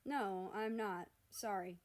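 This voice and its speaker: A woman's voice: mid-range voice, slow pace, a little mellow, natural voice. Woman doing a tired sensible brother, exasperated, storybook reading.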